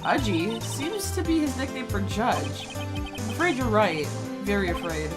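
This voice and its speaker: Woman streamer, playful let's-play read, animated delivery, music running underneath. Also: fairly high pitch, a little slow. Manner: playful, reads game lines aloud with goofy asides and laughter. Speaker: gaming streamer. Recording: music playing behind the voice.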